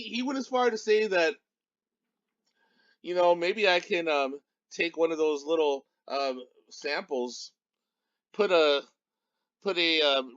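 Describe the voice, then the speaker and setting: A man's voice: high-pitched, a bit bright, no room sound, lo-fi sound. A man giving a sarcastic, mocking recap of a livestream, heard in a played clip.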